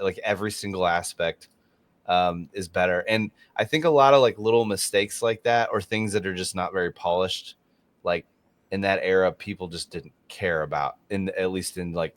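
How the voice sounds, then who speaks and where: Deep-voiced man hosting a casual movie chat. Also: dry recording. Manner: chatty, laughs often, jokey asides. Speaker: podcast host.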